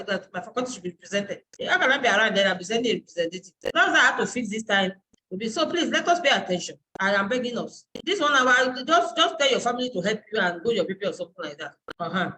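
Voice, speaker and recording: A woman's voice: on the high side, animated, quick pace, sharp tone, poor audio. A woman university lecturer and dean giving a live online class, explaining step by step and searching aloud for terms.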